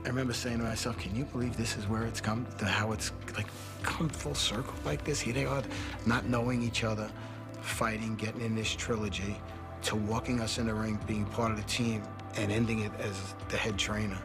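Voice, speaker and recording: Low-voiced man reminiscing. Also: steady tone, a little fast. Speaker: interviewee, family friend. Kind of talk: casual recollection. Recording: interview with music behind.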